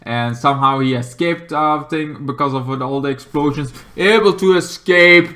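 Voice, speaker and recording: A man's voice: a little high, moderate pace, fairly bright tone. Rambling man recapping a movie. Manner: rambling, swears often, many fillers and restarts. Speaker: movie reviewer. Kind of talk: casual movie review recap.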